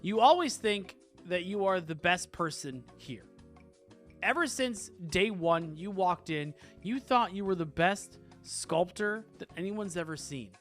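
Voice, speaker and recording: A man's voice: high voice, expressive, measured pace, a bit bright, faint music behind. A man voicing a bitter, spiteful female office coworker who rants with snide jabs. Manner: snide, ranting.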